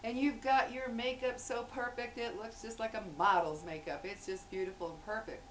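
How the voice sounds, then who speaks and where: A woman's voice: fairly high pitch, fairly even intonation, normal speed, fairly bright tone, recorded from a distance, poor audio. A chatty middle-aged woman talking to her camera at home, often breaking into laughter as she acts out small scenes. She sits a little back from the mic, with a faint hum underneath. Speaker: vlogger. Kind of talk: casual chat to camera.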